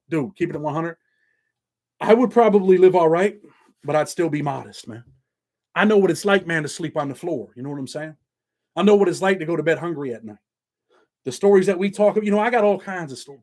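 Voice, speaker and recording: A man's voice: a little high, darkish tone. A middle-aged man hosting his own channel, talking to viewers in a blunt, streetwise and profane way. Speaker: YouTube channel host. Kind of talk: casual monologue to viewers.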